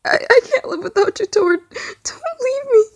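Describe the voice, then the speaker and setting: A woman doing a sobbing young man, voice cracking high. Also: unhurried, vocal fry, a little mellow, full character voice. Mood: sobbing pleas. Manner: high, breaking, tearful pleading.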